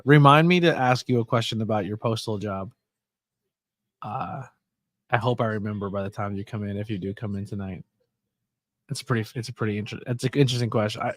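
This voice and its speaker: Speaking quickly in a lowish voice, a man hosts a relaxed livestream and chats about wrestling as he watches it. He sounds sleepy, yawns, and laughs at his own stories in a chatty, easygoing way. The recording is dry.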